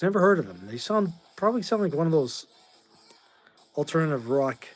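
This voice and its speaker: He speaks at a fairly high pitch in a sing-song manner, a touch quickly, leaving long pauses while faint music plays. He's a man in his forties from Massachusetts, USA, exhausted and short on sleep, bluntly rambling through chat replies on a casual livestream.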